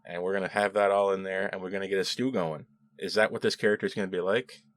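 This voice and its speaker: A man's voice: low voice, steady tone, fast. A man giving a casual solo review of a TV episode, chatty and sarcastic, now and then quoting dialogue in mocking voices.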